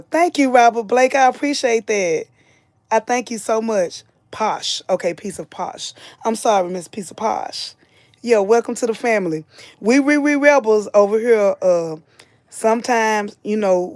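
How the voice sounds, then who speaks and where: A woman's voice: mid-range voice, darkish tone, no room sound. A middle-aged woman, hosting a live commentary stream, chatting casually and reading viewer comments aloud. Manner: chatty, reads viewer names aloud, drawls and repeats phrases.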